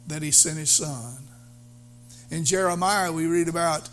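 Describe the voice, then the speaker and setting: A male pastor preaching a sermon, halting with fillers, then building to fervent emphasis. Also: on the high side, soft background music.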